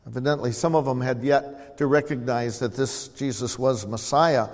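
A man's voice: fairly even intonation, normal speed. A man preaching an expository sermon, earnestly explaining scripture and calling on the congregation to respond. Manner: swells louder reading scripture, drops low to explain. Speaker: pastor. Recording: long hall reverb.

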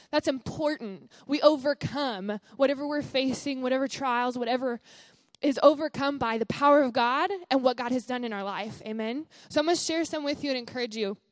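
A woman's voice: sits high, no echo. A young woman, a missionary sharing her testimony at a church service in an earnest, chatty way full of fillers.

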